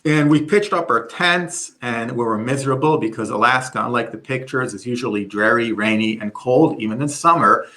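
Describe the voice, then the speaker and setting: A middle-aged man presenting a webinar, telling a story in an animated way with many restarts. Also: medium pitch, normal speed, few pauses.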